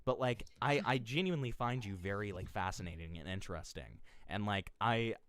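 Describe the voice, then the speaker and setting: A man's voice: lowish voice, a little fast, a bit bright. A man hosting a heated casual debate, first hesitant and full of fillers, later sarcastic and insulting. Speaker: host.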